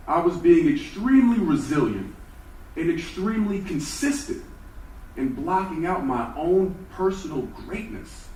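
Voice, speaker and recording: A man tells his own story in a motivational talk, his voice slightly high. He moves between hushed and emphatic moments. He is heard from a distance in an echoing hall, with faint ambience behind him. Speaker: speaker.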